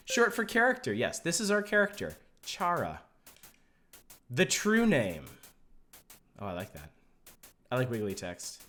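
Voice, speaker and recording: Wry, animated game streamer. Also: mid-range voice, takes it slowly, pauses often, slight background noise. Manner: wry, joking, reacts to chat. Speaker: streamer playing a video game. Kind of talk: casual live-stream commentary. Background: video game music.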